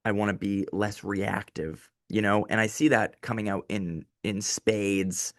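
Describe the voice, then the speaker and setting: Brief: low-voiced male comic ranting in a small office, dry close sound. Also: unhurried, no echo. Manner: profane, ranting, animated. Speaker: comedian. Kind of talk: casual comedic monologue.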